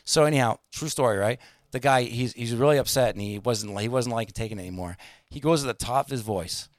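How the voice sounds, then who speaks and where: A man's voice: medium pitch, brisk, dry recording, studio quality. A man telling a long anecdote in casual chat, rambling with many fillers and restarts and acting out the people he quotes.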